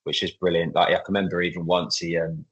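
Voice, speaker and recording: A man in his thirties, a footballer and club captain, chatting casually in a podcast interview, relaxed, with lots of fillers. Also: low voice, fast talker, husky, low-quality recording. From England.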